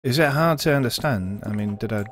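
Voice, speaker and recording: A man's voice: medium pitch, a little fast, fairly bright tone, a little hiss or hum. A man chatting casually on a live stream while gaming, rambling and joking as he slips in and out of put-on accents.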